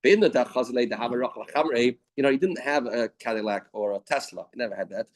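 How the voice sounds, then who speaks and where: A man giving a daily Talmud class in a study hall, lively, weaving Hebrew and Yiddish terms into English. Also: mid-range voice, fast. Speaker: Talmud teacher. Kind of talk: Talmud lecture.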